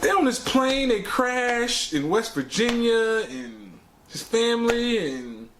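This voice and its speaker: A man's voice: very high voice, sing-song, slow, a bit bright, a little hiss or hum. A man hosting his own show, ranting casually about bad movies in slangy, emphatic talk that repeats words for effect. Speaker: movie reviewer, show host.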